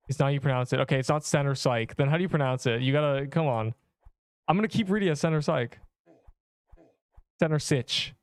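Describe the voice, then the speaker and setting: A man's voice: medium pitch, smooth. A man in his twenties livestreaming a game, chatting casually and rambling as he reads chat messages aloud.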